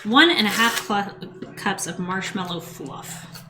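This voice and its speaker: A woman's voice: medium pitch, expressive, takes it slowly, loud music behind the voice. A woman baking in her home kitchen, chatting casually and mocking herself, sometimes muttering to herself as she works. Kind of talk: casual cooking vlog.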